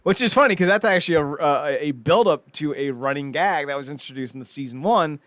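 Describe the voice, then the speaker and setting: A man co-hosting a podcast, casually retelling a TV episode in a rambling, animated way with many restarts. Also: on the high side, brisk, no echo. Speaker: podcast co-host. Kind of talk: casual chat recapping a TV episode.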